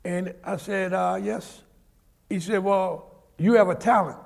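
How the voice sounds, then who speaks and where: An older man tells stories as a guest on an auditorium stage and gives the people in his stories their own voices. His voice sits high and carries a gravelly edge. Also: steady tone, a little slow, darkish tone. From Harlem, New York. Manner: vivid anecdotal storyteller, acts out the people in his stories. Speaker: guest, former Olympic sprinter. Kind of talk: storytelling on stage. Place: large auditorium, live event.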